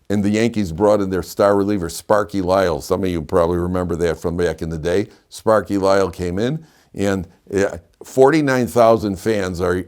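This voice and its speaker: An older man from Chicago, his voice low and a little mellow, teaches a casual Torah class. He's a chatty, digressive storyteller who rambles through anecdotes and restarts often.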